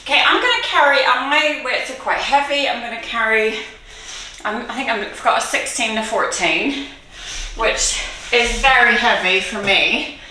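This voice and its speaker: Bright-voiced woman fitness instructor, echoey room. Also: fairly high pitch, normal speed, slight background noise. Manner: encouraging, counts reps aloud, laughs often. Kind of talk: guided workout instruction. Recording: very echoey room, mic far off.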